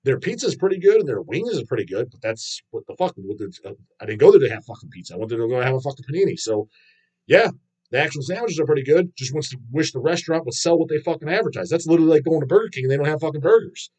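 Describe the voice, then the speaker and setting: A man's voice: on the high side, lively intonation, very fast, a little mellow, breathy edge. A man, host of a casual stream, reading viewer comments aloud and answering them in a blunt, swear-heavy rant. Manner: profane, ranting, blunt. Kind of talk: casual live-stream chat.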